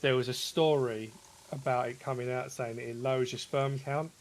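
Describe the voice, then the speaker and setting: A man's voice: medium pitch, fairly even intonation, normal speed, poor audio. A man, chatting casually and hesitantly while gaming, often repeating words. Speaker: co-player on stream.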